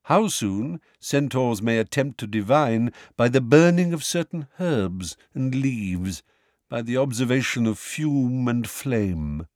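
A man voicing a calm, aloof male centaur teacher in an audiobook, speaking slowly and measured. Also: medium pitch, no echo, studio quality. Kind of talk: audiobook character voice.

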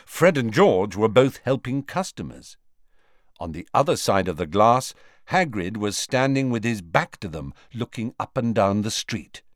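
Male audiobook reader, lowish voice, very animated melody, bone-dry booth. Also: unhurried, no room sound. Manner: expressive storytelling. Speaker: audiobook narrator. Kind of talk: scripted narration.

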